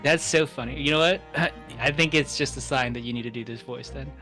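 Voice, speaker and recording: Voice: medium pitch, a little fast, sharp tone, soft background music. A streamer chatting casually and joking bluntly during a live game session. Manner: joking, blunt, swears freely.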